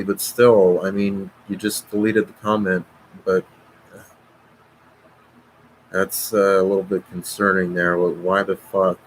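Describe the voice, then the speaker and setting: A man's voice: low voice, a little hiss or hum, rough recording. A man hosting a live stream, reading out viewer comments and swearing, agitated. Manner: profane, agitated, reads viewer comments aloud. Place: at home.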